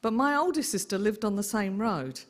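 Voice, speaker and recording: A middle-aged woman, an aunt telling lively stories in a memorial tribute. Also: medium pitch, moderate pace. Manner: lively anecdotal storyteller. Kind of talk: eulogy storytelling.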